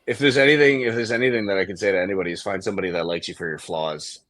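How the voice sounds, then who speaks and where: A man from Germany chats as an interview guest in a fairly low voice. He is reflective and self-mocking, and he often stops and restarts his sentences. The sound is close and dry. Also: rapid-fire, a bit bright, no echo. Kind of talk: casual interview chat.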